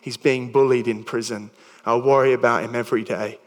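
A man's voice: medium pitch, fairly even intonation, brisk. A man preaching a sermon in a casual, conversational way, telling a story with many restarts. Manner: growing soft and hushed while praying. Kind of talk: sermon with storytelling and altar call. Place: church hall. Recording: long hall reverb.

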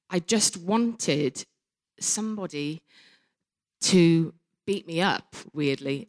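A woman with a lowish voice shares her personal testimony from the front of a church. She speaks earnestly and candidly, letting her sentences trail away softly before picking up again.

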